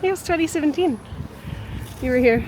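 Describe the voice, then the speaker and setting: A woman's voice: high voice, lively intonation, brisk. A woman from Scotland, an author chatting in a casual vlog with a bubbly, chatty manner, recorded on a handheld camera. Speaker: author and vlogger. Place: city streets and a car. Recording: loud street and traffic noise.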